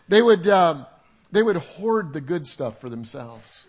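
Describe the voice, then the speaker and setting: Older male pastor, high-pitched, chatty sermon delivery with jokes and asides to the congregation. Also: sing-song, unhurried, husky. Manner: conversational, humorous preaching with audience asides. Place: church sanctuary with congregation.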